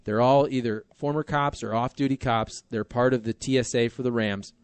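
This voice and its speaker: A man hosting a sports talk radio show, chatting casually with animated, joking asides. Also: mid-range voice, moderate pace, smooth, dry recording.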